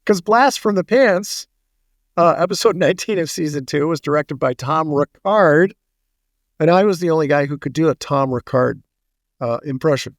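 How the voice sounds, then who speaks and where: A man's voice: on the high side, animated, no room sound, clean studio sound. Joking man hosting a casual podcast. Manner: jokey, storytelling, quick asides and dad jokes. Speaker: podcast co-host. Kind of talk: casual chat.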